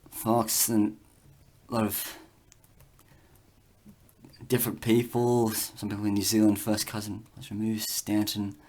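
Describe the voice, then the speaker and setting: Man, lowish voice, casual vlog, rambling, halting, lots of fillers. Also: a little mellow. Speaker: vlogger. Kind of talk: casual vlog reading out test results.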